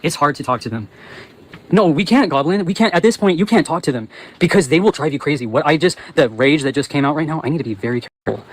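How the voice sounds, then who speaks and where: A man with a slightly high voice rants to his viewers, angry and profane, now and then breaking into yells. He talks on the move as he walks along, hosting his own channel. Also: rough recording. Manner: angry, profane, yelling at times; talks while walking. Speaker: channel host. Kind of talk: ranting livestream monologue.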